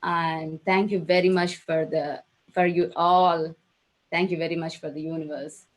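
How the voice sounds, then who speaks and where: Halting, emotional woman on a video call. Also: sits low, level tone. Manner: halting, emotional, many fillers and restarts. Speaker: program participant.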